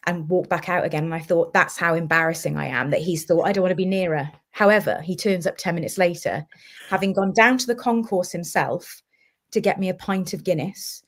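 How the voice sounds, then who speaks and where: A woman with a Welsh accent, a guest in a live chat, telling lively stories and acting out the voices of people she quotes. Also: lowish voice. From Wales. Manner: animated storyteller, acts out quoted voices. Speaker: guest, Wales team captain. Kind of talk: casual live chat, storytelling.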